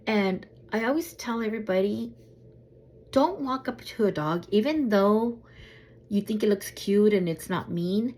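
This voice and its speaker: A woman vlogger telling a travel story in a casual way, acting out what people said with a high, lively voice. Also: measured pace. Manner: animated, acts out quotes in a high voice.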